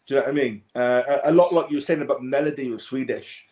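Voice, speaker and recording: A man's voice: medium pitch, fast talker, darkish tone. A man hosting a casual chat, rambling with many restarts. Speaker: host. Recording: echoey room.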